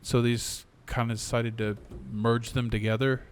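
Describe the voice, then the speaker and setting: A man's voice: medium pitch, little pitch movement, moderate pace, clear, resonant tone. A man co-hosting an anime podcast, easygoing and hesitant, with plenty of fillers. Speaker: podcast co-host. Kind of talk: casual chat.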